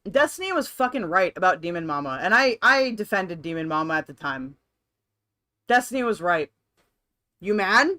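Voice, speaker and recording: A woman's voice: lowish voice, big pitch swings, normal speed, sharp tone. A woman streamer reacting on a live stream, blunt, profane and sarcastic.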